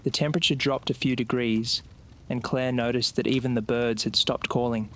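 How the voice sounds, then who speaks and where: A man narrating a scripted horror story in a slow, suspenseful way. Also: medium pitch, fairly even intonation, a bit bright.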